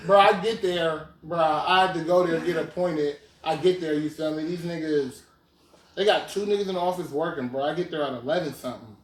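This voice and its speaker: A man's voice: on the high side, a little fast, slight background noise. A man in his twenties hosting a podcast, casually retelling a story in slang and often asking "you feel me". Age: 20s. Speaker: podcast host. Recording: roomy, distant mic.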